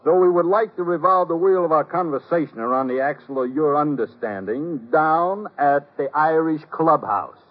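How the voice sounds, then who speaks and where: A man playing a sardonic, husky police sergeant. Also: fairly high pitch, normal speed, hardly any pauses, lightly acted. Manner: dry, sardonic. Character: sardonic male police sergeant, dry and wordy. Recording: muffled old 1950s radio broadcast.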